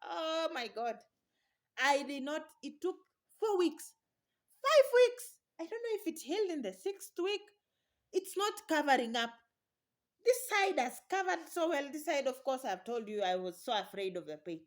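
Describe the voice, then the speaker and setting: A woman's voice: high-pitched, lively intonation, moderate pace. A young woman talking casually to camera in her vlog, chatty and encouraging, laughing often. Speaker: vlogger.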